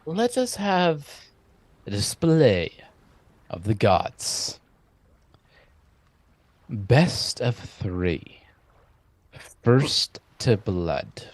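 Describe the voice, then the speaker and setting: A man voicing an arrogant young noble marquis in a tabletop game, speaking formally and slowly. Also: mid-range voice, very animated, no room sound, heavily acted. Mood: haughty. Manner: formal, stately, slow speech.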